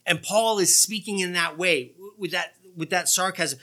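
A man preaching a sermon to a church congregation, animated and leaning into sarcastic emphasis, with quick asides to the crowd. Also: high voice.

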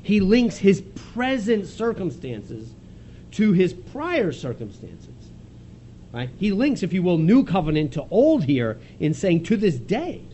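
A man preaching a conversational expository sermon, retelling a scripture story with quick laughs and frequent restarts. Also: high-pitched, sing-song, dark tone, lo-fi sound, slight background noise.

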